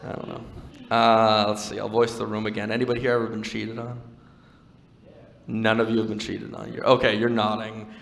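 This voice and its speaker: A man's voice: fairly low pitch, completely flat delivery, normal speed, creaky, a bit bright, slight background noise. A young man doing a stand-up comedy set in a venue, chatting wryly with the crowd and telling self-deprecating stories. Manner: conversational, wry and self-deprecating with playful crowd work. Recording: live venue with long reverb.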